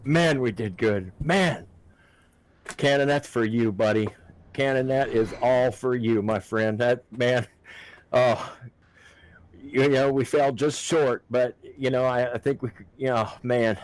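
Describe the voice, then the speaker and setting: A man's voice: mid-range voice, a little slow. A man streaming a sim race, exclaiming and crying with joy, voice shaking. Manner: overjoyed, tearful, exclaiming. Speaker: sim racing driver. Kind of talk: emotional live stream chat. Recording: noisy stream audio.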